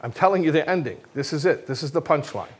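A man giving a religious talk with jokes, speaking in a casual, self-mocking and energetic way. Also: on the high side, fast, slightly rough.

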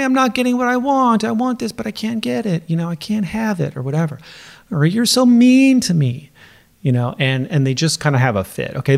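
A middle-aged man hosting his own podcast as a coach, talking casually and laughing now and then. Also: on the high side. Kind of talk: casual solo podcast talk.

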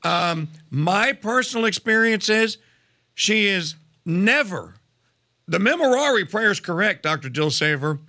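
A man hosting a faith interview show, talking in a halting way with lots of fillers. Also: sits high, lively intonation, pushed and bright. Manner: halting, many fillers and restarts. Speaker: host. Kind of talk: podcast interview.

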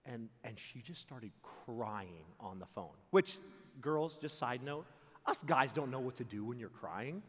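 A young man giving a youth camp sermon, telling a personal story with loud jokes and hushed earnest parts. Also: medium pitch, expressive, measured pace, breathy edge. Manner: acts out voices in quotes, repeats words. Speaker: camp speaker. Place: large camp auditorium. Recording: long hall reverb.

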